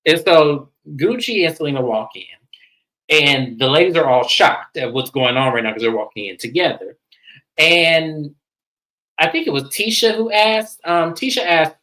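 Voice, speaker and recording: A woman's voice: low voice, normal speed, rough recording. A woman hosting a casual recap show, talking bluntly with plenty of profanity. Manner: blunt and profane, acts out quotes in animated voices. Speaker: show host reviewing a reality series.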